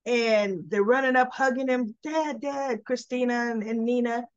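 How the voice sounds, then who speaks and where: A woman giving a casual recap of a soap episode, retelling scenes with lively asides and slipping into the characters' lines. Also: a little high, normal speed, no echo, dull audio. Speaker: soap opera recap vlogger.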